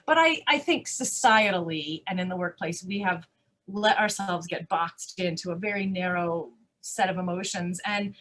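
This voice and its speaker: A woman at a conference fields audience questions live, speaking at medium pitch and a measured pace. She is animated and emphatic, asking rhetorical questions and often restarting her sentences.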